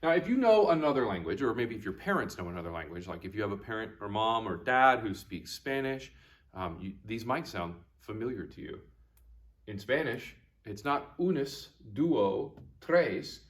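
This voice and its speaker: A man's voice: lowish voice, sing-song. Patient man teaching a video class. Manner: patient, repeats each word slowly for young students; encouraging teacher tone. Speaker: Latin teacher. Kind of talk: recorded video lesson.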